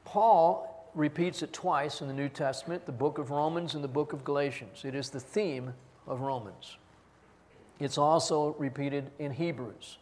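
A man preaching a sermon as pastor, earnestly reading scripture aloud and stressing single words. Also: on the high side. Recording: long hall reverb.

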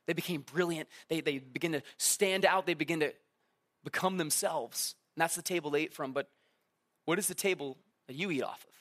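Speaking a little fast, a high-voiced male preacher keeps his sermon easygoing and conversational. Asides and questions for the audience pop up throughout, and he frequently slips into short acted-out quotes as the story unfolds.

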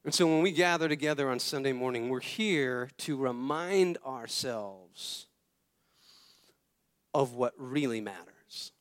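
A man's voice: medium pitch, unhurried. A man in his thirties preaching a conversational sermon, telling family stories and repeating phrases for emphasis. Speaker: pastor.

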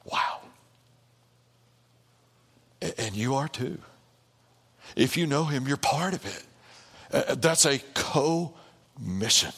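A pastor preaching a sermon in an animated way, with repeated phrases and calls of "amen" to the congregation. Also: male voice, mid-range voice, takes it slowly, pauses often, breathy edge. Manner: animated, repetitive rhetorical preaching with call-and-response. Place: church sanctuary. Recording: long hall reverb in a church.

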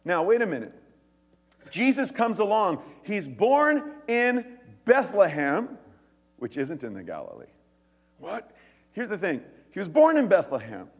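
Animated preaching man in a reverberant hall. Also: sits high, a little slow, breathy edge. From United States. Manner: animated, conversational preaching with asides and jokes. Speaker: pastor. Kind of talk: sermon. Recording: echoey hall.

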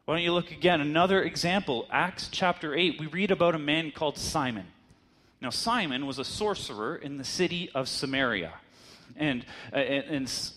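A man's voice: fairly high pitch, a bit bright. A man preaching a sermon in a conversational teaching manner, asking his listeners rhetorical questions.

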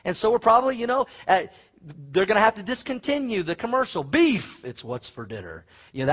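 A man preaching a sermon, animated and folksy, telling stories with asides to the congregation. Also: sits high, muffled recording. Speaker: pastor.

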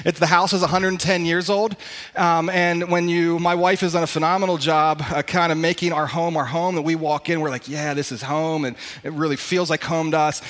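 A middle-aged man, a pastor, preaching a sermon in a church in a conversational, emphatic way with slow pauses on key words. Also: fairly high pitch, flat delivery, a bit bright. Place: church sanctuary.

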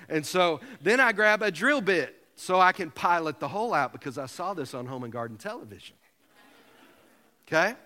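Bright-voiced pastor in a reverberant hall. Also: male voice, a little high, expressive, moderate pace, long pauses. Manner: humorous storytelling, self-mocking. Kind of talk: sermon. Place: church sanctuary.

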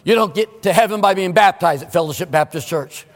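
A male pastor preaching a sermon in a church, emphatic, swinging between loud exclamations and hushed asides. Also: high-pitched, fairly quick, long reverb tail. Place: church sanctuary.

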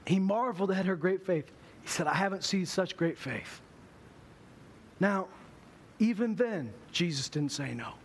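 A man's voice: sits high, expressive, a little slow, pauses often, a little hiss or hum. A man preaching a sermon in a church, telling stories with humor and acting out voices. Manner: humorous storytelling, acts out voices. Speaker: pastor.

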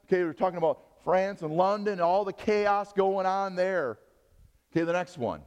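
A man's voice: high-pitched, normal speed, a little mellow, smooth, in a large hall, muffled recording. A middle-aged male pastor preaching a sermon, joking and quizzing his congregation.

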